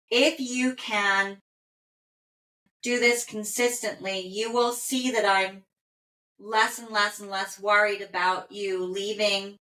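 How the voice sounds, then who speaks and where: A loving, grateful male rescue dog, anxious at heart, speaking slowly and tenderly, as a woman relays him in her own voice. The tone is bright and clear, drawn out at an unhurried pace. Her words ring out in a roomy, echoing space. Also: mid-range voice. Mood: reassuring. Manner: slow, tender first-person relaying. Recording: roomy echo.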